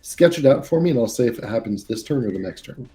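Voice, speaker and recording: A man running a tabletop game over a video call, explaining the rules in a relaxed, rambling way. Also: medium pitch, fast talker. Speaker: game master.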